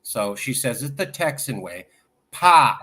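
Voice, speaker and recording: A man hosting a political talk show, chatty and animated, who quotes people at length as he sets up his questions. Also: fairly high pitch, moderate pace. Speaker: host.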